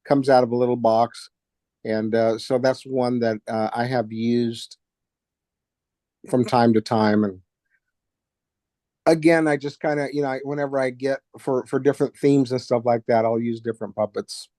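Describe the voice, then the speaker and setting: A man's voice: mid-range voice, steady tone, moderate pace, warm tone, no room sound. A man, a ventriloquist and puppet builder, answering interview questions in a rambling, hesitant way with plenty of fillers.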